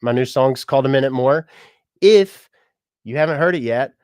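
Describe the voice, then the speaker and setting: A man's voice: medium pitch, moderate pace, a little mellow, smooth, dry recording, clean studio sound. A man who works as a musician and mortician, chatting casually on a livestream and reading out viewer comments. He is upbeat and laughs often.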